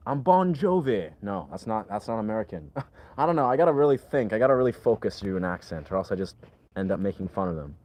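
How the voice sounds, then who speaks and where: A man with a somewhat low voice talks loosely on his livestream. He rambles, leans on filler words and answers his chat as he goes. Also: lively intonation, fast, darkish tone.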